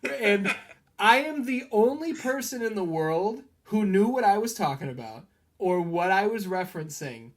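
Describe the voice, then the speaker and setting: A man chatting casually on a movie review podcast. He tells stories with animated energy and breaks into laughter often. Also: high-pitched, normal speed. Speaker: podcast co-host.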